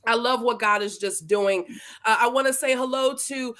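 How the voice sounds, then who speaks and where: Female livestream host, somewhat high-pitched, casual and playful, shouts out viewers. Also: moderate pace, a little hiss or hum. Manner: chatty, playful, greets viewers by name. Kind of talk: casual live interview chat. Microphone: livestream setup.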